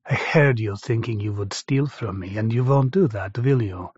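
A man voicing a menacing clay homunculus that speaks as an older man, in a rich melodic baritone with a thick foreign accent. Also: moderate pace, darkish tone, breathy edge, no room sound. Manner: taunting, interrogating. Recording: dry, slightly dull recording.

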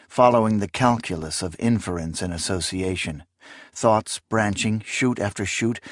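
A male narrator reading a fantasy audiobook with solemn, deliberate weight. His voice sits low and he takes his time over each phrase. The studio sound is dry and close. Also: no room sound.

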